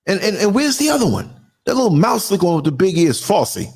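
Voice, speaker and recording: Ranting husky man in his sixties. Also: high-pitched, very animated, quick pace. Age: 60s. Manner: ranting, emphatic, mocking asides. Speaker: commentary channel host. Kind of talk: heated opinion monologue.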